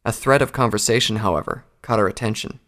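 A man narrating a story in an audiobook, with a steady storytelling delivery. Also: on the low side, quick pace.

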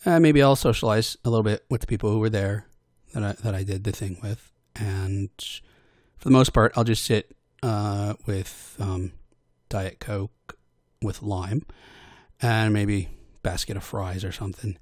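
A man rambling in a casual monologue about voicing audio posts, self-deprecating and hesitant, with many restarts and fillers, slipping into quick character voices when he quotes people. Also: lowish voice, fairly even intonation, darkish tone, no echo, studio quality.

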